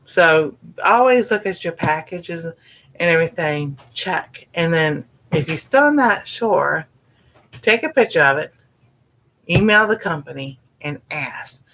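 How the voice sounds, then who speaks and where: A woman's voice: on the low side, lively intonation, unhurried, a bit bright. A woman with a Southern US accent chatting casually on a livestream as host of a cooking channel. She rambles in a folksy way, says "y'all" and laughs often.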